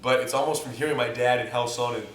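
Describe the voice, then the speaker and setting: A man who teaches jiu-jitsu and co-hosts, bantering casually with quick interjections and joking asides. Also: mid-range voice, fairly even intonation. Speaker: jiu-jitsu instructor and co-host. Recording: roomy and distant mic, faint hiss.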